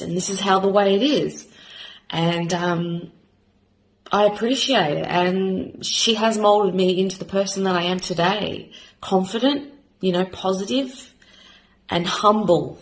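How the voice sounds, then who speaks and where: Emotional Australian woman, low voice. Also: poor audio. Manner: rambling, halting, many fillers and restarts. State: emotional, close to tears. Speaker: new beauty vlogger. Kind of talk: casual heartfelt self-introduction to camera.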